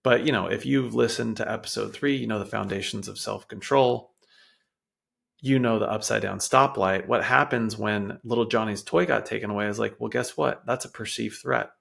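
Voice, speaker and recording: A man's voice: on the low side, moderate pace, gravelly, a bit bright. A man hosting a show, explaining child behavior in a casual, conversational way, often acting out quotes from parents and kids. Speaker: podcast host.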